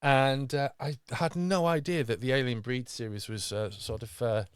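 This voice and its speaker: A man's voice: mid-range voice, fairly even intonation, moderate pace, clear, resonant tone, no room sound, clean studio sound. A man hosting a podcast, talking with enthusiasm and rambling through fillers and restarts. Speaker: podcast host. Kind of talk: casual podcast chat.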